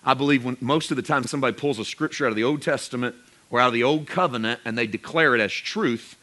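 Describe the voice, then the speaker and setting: A man preaching a sermon with emphatic delivery, slowing and rising on key phrases. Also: medium pitch, bright, forceful tone. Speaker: pastor.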